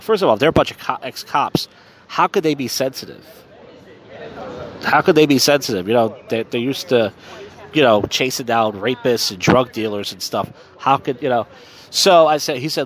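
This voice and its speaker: A man's voice: mid-range voice, fast talker. A drunk man rambling crudely through a self-deprecating podcast monologue outdoors on a city street at night. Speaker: podcast host. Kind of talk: casual rambling podcast monologue, live streamed.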